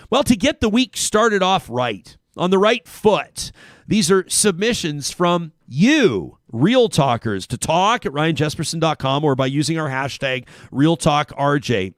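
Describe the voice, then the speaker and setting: Energetic chatty male talk show host. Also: fairly high pitch, no room sound, studio quality. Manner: energetic, chatty, self-interrupting. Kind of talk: casual talk show chat with sponsor reads. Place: broadcast studio. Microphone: studio microphone.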